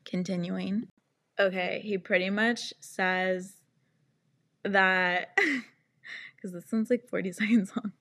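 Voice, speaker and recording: A woman's voice: medium pitch, fairly even intonation, slow pace, long pauses, fairly bright tone. A young woman hosting a podcast, ranting in a sarcastic, exasperated way and swearing often. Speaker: podcast host. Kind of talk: casual podcast rant.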